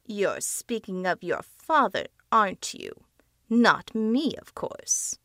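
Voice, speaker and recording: A woman voicing a cursed talking face that taunts and demands food in a slow, menacing way. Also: mid-range voice, wildly swooping pitch, sharp tone, no room sound, clean studio sound, full character voice. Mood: mocking.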